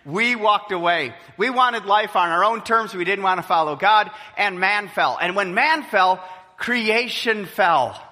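A man preaching a sermon as pastor, lively, sometimes acting out the voices of people in his stories. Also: high-pitched, a little slow. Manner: animated preaching, acts out quoted voices. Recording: long hall reverb.

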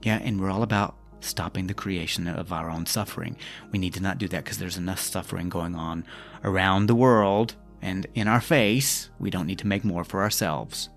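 A man with a low, gravelly voice talks the listener through a reflective self-help podcast. He keeps coaching gently, posing question after question to his audience. Soft music sits faintly beneath him. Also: normal speed. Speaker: podcast host. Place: lives in Scotland.

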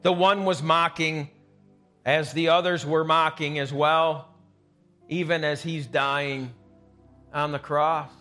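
A man's voice: a little high, flat delivery, takes it slowly, pauses often, bright, forceful tone, faint music behind. A man preaching a sermon live in a church, telling the story dramatically and acting out the quoted voices. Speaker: pastor. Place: church sanctuary, recorded live.

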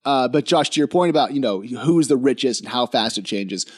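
A man's voice: medium pitch, lively intonation, fairly quick. A man speaking as a podcast guest, explaining at length in casual chat, with frequent ums and restarts and a sleepy morning voice.

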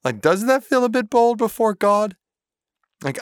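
A man's voice: high-pitched, wildly swooping pitch, measured pace, pauses often, dry recording, studio quality. A man, a pastor and father, giving an earnest devotional with many "like" fillers, then praying aloud. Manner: earnest, pleading, frequent "like" fillers. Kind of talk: devotional talk and prayer.

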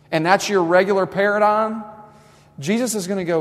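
A man preaching with fervor, his fairly high voice carried on a long hall reverb. He swings from loud, urgent exhortation to hushed, tender appeals. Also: lively intonation, brisk, a little hiss or hum. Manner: impassioned, swings from loud to soft. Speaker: campus minister. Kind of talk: sermon.

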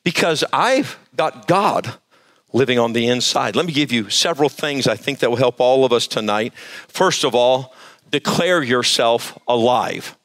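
A pastor preaching to a live church service, emphatic and quizzing the congregation for answers. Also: male voice, medium pitch, lively intonation, normal speed, a bit bright. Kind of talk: sermon.

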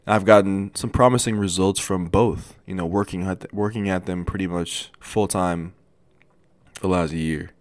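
A man's voice: deep voice, steady tone, normal speed, dry recording, clean studio sound. A young man hosting a solo podcast, talking earnestly and casually to listeners, with frequent restarts and small stutters. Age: young adult. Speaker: podcast host. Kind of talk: motivational solo podcast talk.

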